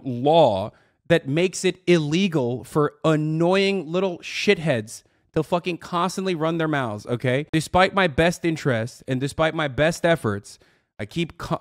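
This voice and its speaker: A man's voice: on the high side, expressive, normal speed, no echo, clean studio sound. A man in his thirties reacting to a video as a streamer, sarcastic and mocking, ranting with lots of swearing. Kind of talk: casual profane reaction commentary.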